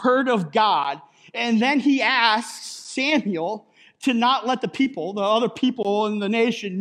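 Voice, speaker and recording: A man's voice: high-pitched, a bit bright. A man preaching a sermon as pastor in a conversational way, with jokey asides and a habit of adding "right?" after his points.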